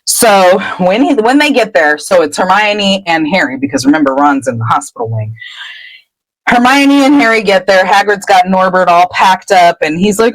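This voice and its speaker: A woman's voice: on the low side, normal speed, no room sound, poor audio. A woman podcast host casually recapping a book chapter, laughing and popping into character voices. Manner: animated, laughing storyteller.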